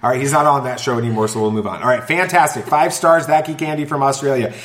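A man's voice: medium pitch, fast talker, fairly bright tone. A man hosting a casual family podcast, joking around and reading listener reviews aloud. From Southern California. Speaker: podcast host. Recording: roomy echo.

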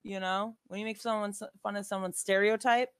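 A woman's voice: medium pitch, steady tone, a little fast, clear, resonant tone, no room sound, clean studio sound. A woman guest in a casual chat, speaking bluntly and emphatically and swearing freely.

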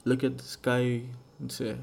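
A man's voice: medium pitch, monotone, a little slow, gravelly, a little mellow. A young man hosting a casual solo podcast, rambling and musing aloud and swearing freely. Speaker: podcast host.

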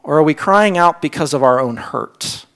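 Male pastor, higher voice, earnest sermon delivery with hushed drops. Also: lively intonation, normal speed. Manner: earnest, repeats words when stressing points; drops to a hushed near-whisper on key lines.

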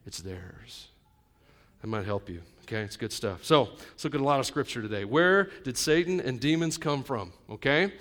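A male pastor preaching to a live congregation, conversational with joking asides, swinging between loud emphatic lines and quiet intimate ones. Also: mid-range voice, animated, normal speed. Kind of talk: sermon.

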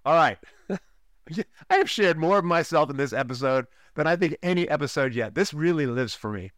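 A man's voice: fairly high pitch, animated, normal speed, fairly bright tone, dry recording, clean studio sound. A man hosting a relationship podcast, giving an emphatic teaching monologue and repeating key lines for effect. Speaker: podcast host, relationship coach.

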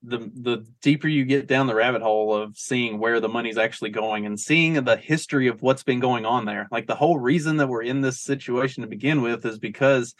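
Man, mid pitch, earnest, repetitive explaining, casual chat, dry sound. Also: a little fast, few pauses, no echo. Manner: earnest, explains with repeated phrases and analogies.

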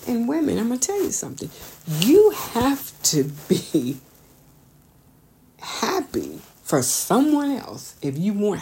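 A woman talking bluntly and candidly to camera, swearing freely and jumping high in pitch when she makes a point. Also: a little mellow, slight background noise. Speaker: vlogger. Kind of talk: candid unscripted monologue.

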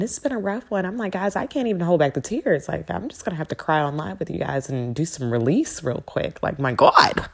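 A woman hosting a spiritual podcast, talking casually with sassy, animated asides. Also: mid-range voice, vocal fry, breathy edge.

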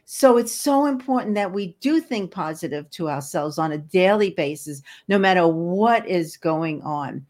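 Her voice sits fairly low, expressive and a little slow, with hardly any pauses and a slightly mellow quality. She is an older energy healer being interviewed casually, speaking earnestly and often repeating herself as she gropes for words.

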